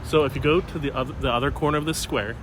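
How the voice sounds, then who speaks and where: A man on a city square patiently giving halting directions. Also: medium pitch, steady tone, fairly bright tone, low-quality recording. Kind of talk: casual street talk. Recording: street noise.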